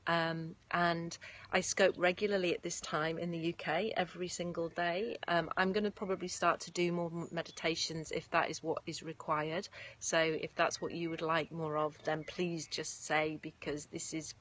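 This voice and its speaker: A woman's voice: on the low side, little pitch movement, normal speed, fairly bright tone. A woman, a yoga nidra teacher, chatting effusively with viewers on a live stream from outdoors and thanking them by name. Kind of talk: live-stream chat after a guided meditation. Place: outdoors in nature. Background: faint birds and distant sirens.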